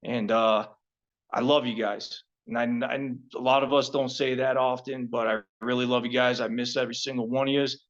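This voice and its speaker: A middle-aged man who served as a Marine gunnery sergeant reminisces to his former unit. His delivery is loose and profane, full of jokes and slipping into sincerity. His voice sits at an ordinary pitch, and the recording sounds a little dull. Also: level tone, normal speed. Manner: profane, joking, heartfelt at the end. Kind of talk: casual storytelling to fellow Marines.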